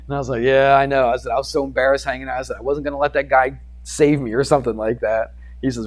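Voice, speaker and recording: A male math teacher telling a classroom story in a lively lecture, acting out quoted voices and sound effects for his students. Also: mid-range voice, fast.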